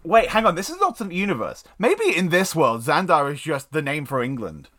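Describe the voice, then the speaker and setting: A man co-hosting a casual chat, joking and animated, with quick quips. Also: a little high. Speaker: podcast co-host.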